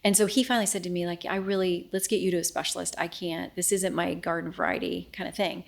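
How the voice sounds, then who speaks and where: A middle-aged woman with a low-set voice and a gravelly edge, speaking as a guest in an interview. She tells a personal story candidly and earnestly. She slips into quoted dialogue as she goes. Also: little pitch movement, fast. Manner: earnest, frank, quoting herself and others in dialogue.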